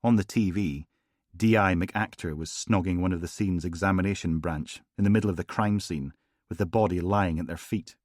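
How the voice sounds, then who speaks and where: Deep-voiced male audiobook narrator. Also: moderate pace, darkish tone, no room sound, studio quality. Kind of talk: scripted narration.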